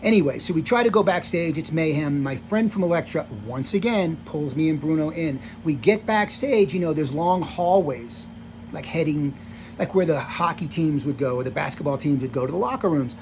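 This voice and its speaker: On camera, a vlogger in his sixties rambles through casual stories of his rock-tour past, peppering them with "you know" and "like." His voice sits on the high side, a little mellow and animated, at normal speed with slight background noise.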